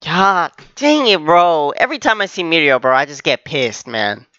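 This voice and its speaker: A man hosting an anime reaction video, talking back to the screen in excited bursts and urging the characters on. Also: a little high, normal speed, no echo, lo-fi sound. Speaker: anime reaction channel host. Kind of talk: live reaction commentary.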